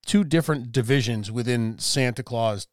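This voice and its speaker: A man's voice: medium pitch, normal speed, dry recording, studio quality. A man co-hosting a casual podcast chat, joking around crudely and bouncing between ideas. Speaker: podcast co-host.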